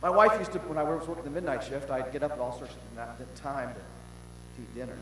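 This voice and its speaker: A man's voice: on the high side, fairly quick, over music. Older man preaching in an echoing hall. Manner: animated storyteller, swinging from shouts to hushed tones. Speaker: senior pastor. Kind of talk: sermon. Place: large event pavilion. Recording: roomy hall with long reverb and faint hum.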